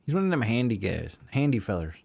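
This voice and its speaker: A man's voice: mid-range voice, sing-song, fast talker, gravelly, darkish tone, slight background noise. A man chatting as a guest, easygoing and laughing often, with casual swearing. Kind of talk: casual chat.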